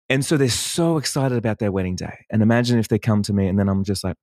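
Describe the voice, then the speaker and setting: Lively man coaching with role-play. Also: lowish voice, quick pace, hardly any pauses, no echo, clean studio sound. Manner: animated, acts out client dialogue, laughs often. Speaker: wedding photographer and business coach. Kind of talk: casual workshop chat.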